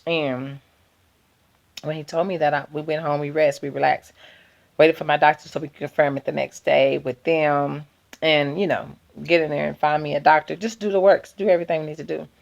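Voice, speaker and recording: A woman in her thirties telling a personal story to her viewers in an animated, chatty way. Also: sits low, fairly quick, creaky. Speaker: vlogger.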